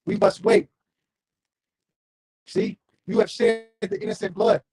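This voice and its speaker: Male street preacher, gravelly and husky, lively swooping high delivery, fiery and confrontational. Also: slow pace, no echo, soft background music. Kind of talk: street sermon with scripture reading.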